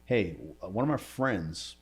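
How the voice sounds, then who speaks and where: Low-pitched male entrepreneur guest, casual slangy storyteller, gets quiet and emotional. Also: expressive, a little slow, slightly rough. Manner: casual slangy talk, says bro and dude. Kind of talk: storytelling in a podcast interview.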